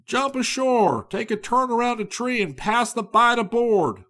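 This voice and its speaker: A man doing a loud barking raft captain. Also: a little high, big pitch swings, measured pace, pitched above the performer's own voice. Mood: jubilant. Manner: barked commands, loud and raised. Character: commanding male raft captain, shouting orders.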